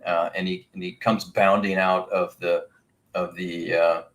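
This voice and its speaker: A man running a tabletop game as game master, narrating in a rambling, halting way full of restarts. His voice sits on the low side. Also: flat delivery, fairly bright tone.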